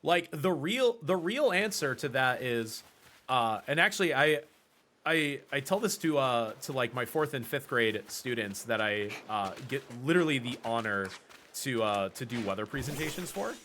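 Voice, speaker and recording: This American man from the Pacific Northwest gives lengthy, casual live-stream commentary on his speedrun routing, correcting himself and using fillers as he goes. He sounds animated, with a medium pitch, moderate pace and a slightly bright tone, and there's a little hiss or hum in the recording.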